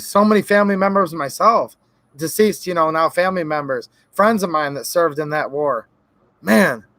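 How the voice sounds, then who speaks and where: A man's voice: sits high, bright, forceful tone, no room sound. A man hosting a live Q&A stream, ranting heatedly and sarcastically, sometimes mocking the voices of others.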